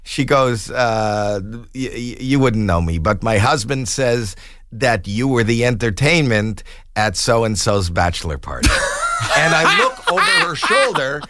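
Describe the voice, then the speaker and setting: A man in his sixties, a podcast guest telling a comic story in an animated way and acting out the quoted voices. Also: mid-range voice, measured pace.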